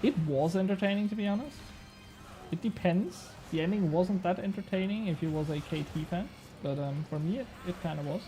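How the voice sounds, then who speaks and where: Young guy streaming, chats w his viewers, swears casually, kinda high voice. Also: brisk, dark tone, soft background music. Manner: chatty, bantering with chat, swears casually. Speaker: game streamer. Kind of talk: casual live-stream chat.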